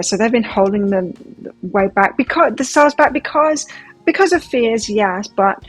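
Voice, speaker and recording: A woman's voice: medium pitch, slightly rough, rough recording. A woman giving a pick-a-card tarot reading in a gushing, emotive, chatty way. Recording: faint music behind. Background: soft background music.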